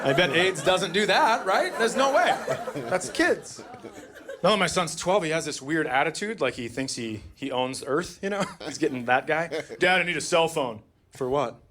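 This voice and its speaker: A man doing stand-up comedy on stage, profane and sardonic, with dry deadpan asides. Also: on the high side, normal speed, some chatter behind. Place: comedy stage before a live audience. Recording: live audience laughter throughout.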